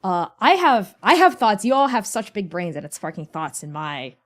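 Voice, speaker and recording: A woman's voice: mid-range voice, sing-song, moderate pace. A woman speaking on a convention panel in a casual, earnest way, full of "like" fillers. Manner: chatty, frequent "like" fillers, earnest.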